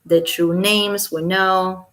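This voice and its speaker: At home in Los Angeles, a woman slowly reads a court document out loud in a fairly low, fairly bright voice that stays mostly level. Her reading is punctuated by incredulous, sarcastic asides and the odd whispered comment.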